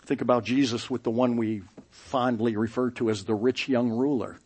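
A middle-aged man preaching a sermon as pastor, telling stories in an animated way and acting out the people he quotes. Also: medium pitch, moderate pace, husky. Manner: animated storytelling, acting out quoted voices with laughs.

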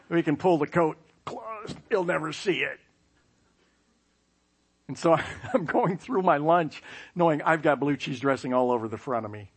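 Animated, self-mocking male storyteller. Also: fairly high pitch, normal speed. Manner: animated, self-mocking, uses sound effects. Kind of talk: personal anecdote.

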